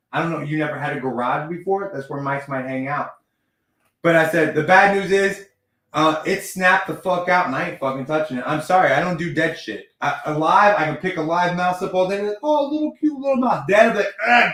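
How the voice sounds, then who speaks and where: A man's voice: a little high, a bit bright, far from the mic. Profane storytelling man, echoey room. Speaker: podcast host. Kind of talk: casual chat. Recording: roomy, from off the mic.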